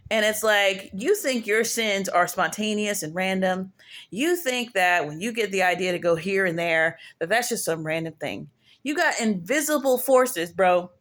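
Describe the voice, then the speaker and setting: A woman's voice: medium pitch, a bit bright. A woman giving a casual commentary rant on her own channel, emphatic and slangy, repeating phrases for effect.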